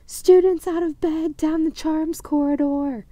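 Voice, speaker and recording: A woman voicing a mischievous male poltergeist in a high, sing-song, taunting voice for a storybook reading. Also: unhurried, a little mellow, no room sound. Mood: gleeful taunting.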